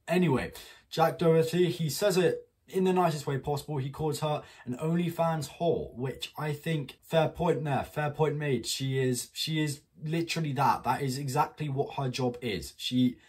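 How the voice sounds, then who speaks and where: A man's voice: fairly high pitch, normal speed, darkish tone, slightly rough. A man giving blunt, opinionated commentary in a casual vlog and swearing freely. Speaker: commentary YouTuber.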